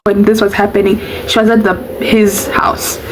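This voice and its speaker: A woman, telling a storytime vlog in an animated, chatty way. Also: medium pitch, normal speed, heavy background noise. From Namibia. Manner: animated, chatty, exclamatory asides. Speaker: vlogger.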